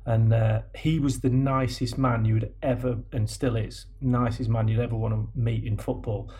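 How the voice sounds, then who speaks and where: A man, a former footballer telling animated stories with many restarts on a podcast. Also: medium pitch, normal speed, slightly rough. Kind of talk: casual storytelling chat.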